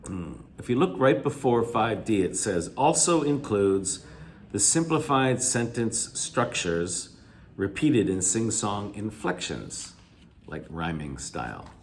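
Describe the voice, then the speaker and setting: Lowish-voiced man teaching slowly. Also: big pitch swings, a little hiss or hum. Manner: restates key words with simple synonyms, often repeating himself; stretches pitch up on examples, lets phrase ends drop quiet. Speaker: English teacher. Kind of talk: video lecture going over reading answers.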